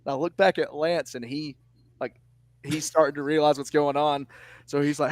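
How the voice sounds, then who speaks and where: A man's voice: a little high, measured pace, long pauses, a little mellow, no room sound. A young man, a wrestling commentator, telling a story in casual podcast chat, acting out quotes and laughing often.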